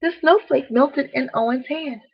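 A woman reading a bedtime story aloud, gently speaking to the children listening. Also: high voice, vocal fry, no echo, dull audio. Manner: slow, gentle, addresses children directly.

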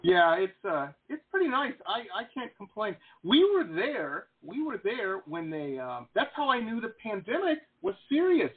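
Male podcast host, fairly high, husky; animated, jokey storyteller over a video call. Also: normal speed, few pauses. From Florida. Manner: animated storyteller, laughs often, acts out voices. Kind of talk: casual chat. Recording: tinny phone-like line.

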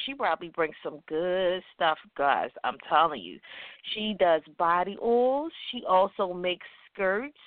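Playful woman radio host, kinda high voice, chatty, tinny phone-ish sound. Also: dry recording. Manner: chatty, playful, self-teasing. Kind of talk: casual radio chat.

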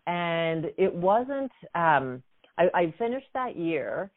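A woman in her fifties, a guest coach and author, telling a personal story in a lively way with many "you know" fillers. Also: fairly low pitch, slow. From United States. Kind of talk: storytelling in a conversation. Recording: phone-like narrow sound.

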